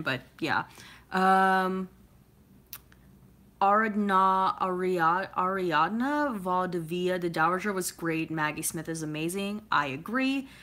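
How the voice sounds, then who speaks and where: A woman's voice: low voice, sharp tone. A woman from California chatting casually as she answers viewer comments, rambling with lots of filler words and laughing often. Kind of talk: casual chat.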